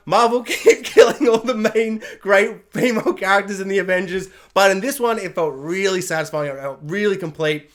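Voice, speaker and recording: A man rambling excitedly through a casual film review, acting out quotes and laughing along the way. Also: sits high, moderate pace, hardly any pauses.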